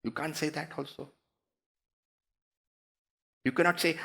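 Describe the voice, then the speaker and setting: A man's voice: a little high, steady tone, measured pace, sharp tone. A man giving a spiritual discourse, teaching through rhetorical questions and emphatic repetition. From India.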